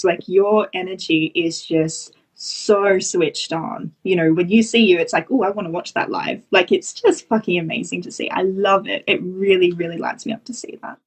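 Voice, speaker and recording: A woman's voice: medium pitch, slightly rough, low-quality recording. A woman who is a business coach, speaking as a guest in an effusive, emotional way and swearing casually. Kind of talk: casual conversational interview.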